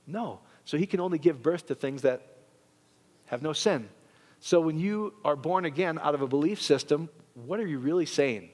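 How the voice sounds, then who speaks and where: A man preaching a sermon, animated and joking with his congregation. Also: on the high side, normal speed. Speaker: pastor. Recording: long reverb of a church hall.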